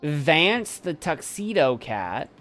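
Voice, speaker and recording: A man hosting a live stream, chatting casually in an animated, jokey and rambling way. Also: on the high side, slow, soft background music. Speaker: streamer host.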